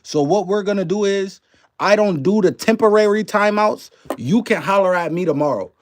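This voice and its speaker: Chatty streamer with a New Orleans–Canadian accent. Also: male voice, high-pitched. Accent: mix of New Orleans and Canadian. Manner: loose and chatty, swears freely, greets chat viewers by name. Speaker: livestream host. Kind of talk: casual live-stream commentary.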